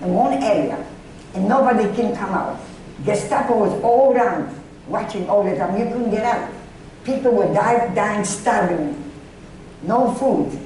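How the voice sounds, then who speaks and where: An older woman with a warm, mid-range voice, a Holocaust survivor, gives personal testimony to students about the war. She speaks haltingly and emotionally, repeating words as she remembers. The mic sits far off in an echoey room, with faint noise.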